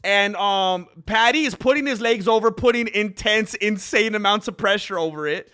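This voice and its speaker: A man hosting a live stream, rambling casually to viewers and calling the fight with excitable outbursts. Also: sits high, normal speed, clear, resonant tone. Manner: rambling, talkative, addresses viewers as bro; excitable, loud bursts when reacting.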